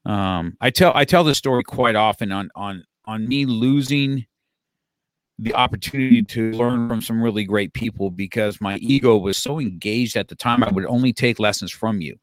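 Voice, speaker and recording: A man's voice: on the low side, moderate pace, no room sound. Rambling middle-aged man in a dry room. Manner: rambling, restarts and repeats words, chuckles often. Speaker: martial arts school owner and instructor. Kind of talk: casual conversation, storytelling.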